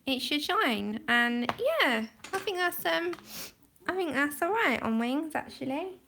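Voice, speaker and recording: A woman with a slightly high voice chats casually to her viewers while colouring. She laughs often and pokes fun at herself as she explains her steps. She speaks into a phone mic at her desk at home. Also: lively intonation, unhurried, bright, forceful tone, a little hiss or hum. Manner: giggly, laughs often, chatty and self-deprecating. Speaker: livestream host.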